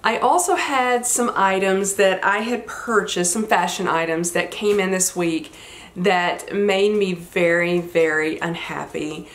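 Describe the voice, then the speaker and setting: A woman's voice: fairly low pitch, a little slow. A woman in her forties, a fashion vlogger, talking in a casual, rambling way while congested from a cold. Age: 40s. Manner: chatty, meandering storytelling. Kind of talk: casual chat.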